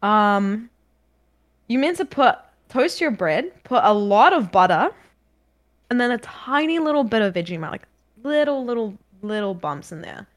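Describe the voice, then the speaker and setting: A woman's voice: fairly high pitch, very animated, normal speed. A young woman from New Zealand with a New Zealand accent, chatting casually and playfully as a guest on a podcast. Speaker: guest streamer.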